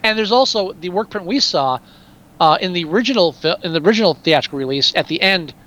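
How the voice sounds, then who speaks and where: A man with a notably high voice chats about a movie in loose, casual talk. His pitch leaps all over, and he swears freely and keeps cutting himself off. Now and then he breaks into a laugh. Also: fast. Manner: animated, profane, trails off and restarts, laughs often. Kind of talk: casual film discussion.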